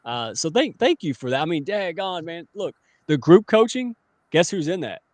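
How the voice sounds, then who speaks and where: A man in his forties hosting a casual talk show, joking and teasing his guest in an animated way. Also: on the high side, moderate pace, no room sound. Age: 40s.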